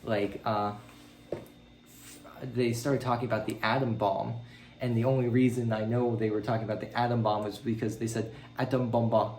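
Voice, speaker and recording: A man talking casually in a video diary about learning a language. He rambles with many ums and jumps his pitch up when he quotes his own reactions. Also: flat delivery, normal speed, a little mellow, reverberant.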